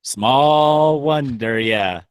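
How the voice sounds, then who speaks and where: A man co-hosting a casual comedy podcast, dropping deadpan one-liners. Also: mid-range voice, extremely slow, smooth, no echo, studio quality. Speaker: podcast co-host.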